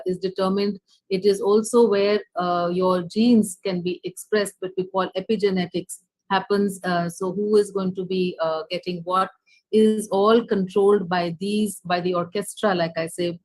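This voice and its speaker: This is a woman with an Indian English accent lecturing over a video call. Her voice sits a little low and sounds close and dry. She speaks haltingly, filling pauses and restarting her sentences. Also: darkish tone, dry recording, poor audio. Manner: hesitant, many fillers and restarts. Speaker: nutritionist giving a lecture. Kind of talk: online lecture with slides.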